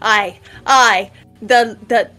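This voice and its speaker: A woman playing a hammy drunk bandit guy, grand theatrical delivery, raised voice, slow and drawn out. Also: on the high side, pushed and bright, soft background music, exaggerated voice. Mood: melodramatic. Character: tipsy hammy male bard posing as a bandit.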